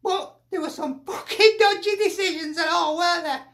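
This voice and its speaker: A very high, bright-toned woman rants in exasperation, swearing freely and sighing heavily between complaints. She sounds like a fan letting off steam straight after a bad result. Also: normal speed. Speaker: fan sending in a reaction. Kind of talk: ranting fan reaction.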